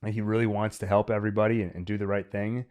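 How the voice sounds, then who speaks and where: A man's voice: fairly low pitch, level tone, quick pace, darkish tone. A man hosting a podcast, chatting casually and analytically about a film as he thinks aloud. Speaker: podcast host. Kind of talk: casual chat, film review.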